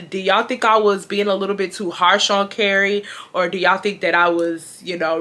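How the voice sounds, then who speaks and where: Young woman vlogger, bright voice, blunt and animated storyteller. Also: medium pitch. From Houston, USA. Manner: animated, blunt, addresses viewers as y'all. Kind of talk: casual storytime monologue.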